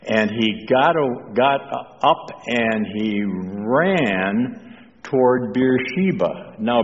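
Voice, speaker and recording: A man preaching a sermon with a slow, halting delivery full of pauses, asking the congregation questions. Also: mid-range voice. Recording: distant, dull echoey hall with faint noise.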